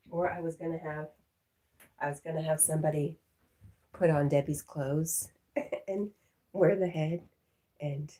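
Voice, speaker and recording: A woman hosting a night livestream, reading chat aloud and talking softly to her dog, sometimes in a whisper, a little wheezy. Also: low voice, fairly even intonation, takes it slowly, long pauses. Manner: soft, often whispering, talks to her dog.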